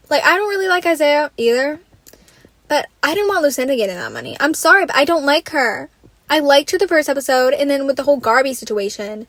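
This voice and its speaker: A woman's voice: high-pitched, a bit bright, no room sound. A young woman hosting a solo podcast, ranting in an exasperated, casual way, swearing freely and saying "like" constantly. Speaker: podcast host.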